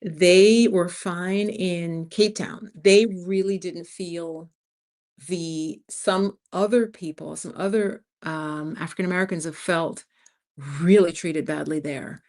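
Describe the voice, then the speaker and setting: A New York-accented woman in her fifties talks slowly and steadily, her pitch fairly low and her tone darkish. As host of a casual livestream, she addresses viewers directly as "you guys."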